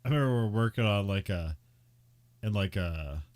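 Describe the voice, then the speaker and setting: A man's voice: lowish voice, expressive, fairly quick, a little mellow. Laughing, rambling male podcast co-host. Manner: laughs often, rambling with many fillers. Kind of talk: casual chat.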